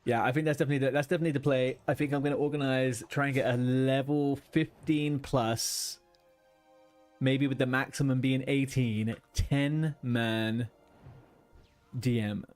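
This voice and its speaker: A man's voice: mid-range voice, steady tone, moderate pace, darkish tone, soft background music. A man streaming a game, chatting casually, swearing and muttering to himself as he plays. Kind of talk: casual gaming livestream chat.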